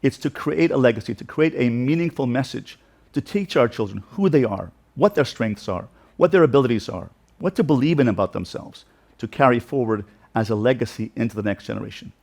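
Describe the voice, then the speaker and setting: A man's voice: mid-range voice, lively intonation, fairly quick, vocal fry, darkish tone. A man speaking as a rabbi in an inspirational talk, earnest and heartfelt, building emphatic repeated lists.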